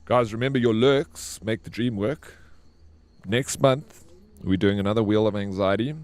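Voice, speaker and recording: A man's voice: on the low side, moderate pace, a little mellow, dry recording. Chatty male streamer. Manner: rambling, chatty, answers chat. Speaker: game streamer. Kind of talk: casual live-stream chat.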